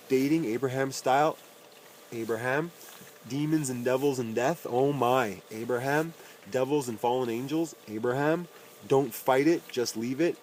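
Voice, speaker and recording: A man's voice: medium pitch, a little mellow, slight background noise, rough recording. A man reading aloud a long list of self-help titles and their authors, with dry, wry asides and his voice dropping on each name.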